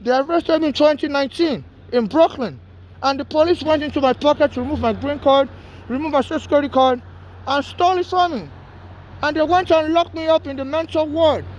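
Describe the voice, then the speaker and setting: A man with a strikingly high-pitched voice, talking straight to camera. He rambles and pleads, circling back and repeating himself with urgency. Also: brisk, a little hiss or hum. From Nigeria. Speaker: homeless man filming a plea. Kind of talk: urgent direct-to-camera plea.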